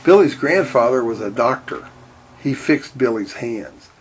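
A man reading a storybook aloud in a steady, deadpan way. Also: medium pitch, measured pace, slightly rough. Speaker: narrator.

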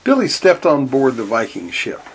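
A man reading a storybook aloud in a steady, deadpan way. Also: medium pitch, moderate pace, slightly rough. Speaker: narrator.

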